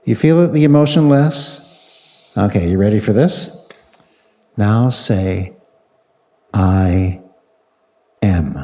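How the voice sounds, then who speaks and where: A man's voice: mid-range voice, animated, slow pace, pauses often, warm tone. A man leading a live audience through a guided exercise, coaxing and playful, repeating short commands. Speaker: speaker on a panel. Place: large hall with a live audience. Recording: long reverb of a large hall.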